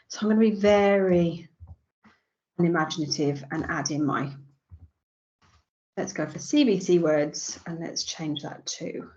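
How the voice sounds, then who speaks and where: An English woman leads a software tutorial for teachers. She is chatty and informal, with plenty of ums. Her voice sits mid-pitch and sounds a little dull and lo-fi. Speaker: teacher trainer.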